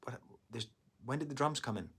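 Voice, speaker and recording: A man giving a casual album review, rambling into excitable asides. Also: medium pitch, brisk, a little hiss or hum. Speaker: music reviewer.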